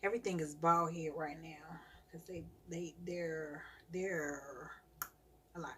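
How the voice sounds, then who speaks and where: A mother live-streaming, telling animated stories about her children in a casual rant and laughing often. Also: deep voice, takes it slowly, slight background noise.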